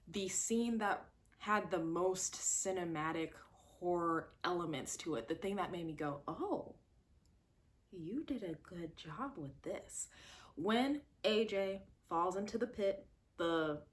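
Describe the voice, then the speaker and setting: A woman reviewing a horror movie in a casual, animated chat, often acting out scenes. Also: fairly low pitch. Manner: animated and expressive, acts out scenes in quoted voices.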